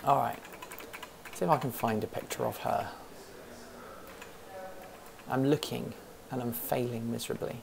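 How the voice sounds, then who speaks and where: A woman's voice: very deep voice, steady tone, unhurried, gravelly, long pauses, noisy background. A woman hosting a casual livestream from an office, rambling, thinking aloud and answering chat questions as she goes. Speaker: host of a livestream hangout. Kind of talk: casual live-stream chat.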